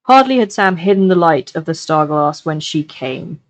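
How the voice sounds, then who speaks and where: Woman reading a novel aloud, expressive. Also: sits low, no echo, low-quality recording. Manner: expressive reading, slowing down for dramatic passages. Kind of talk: live-streamed book reading.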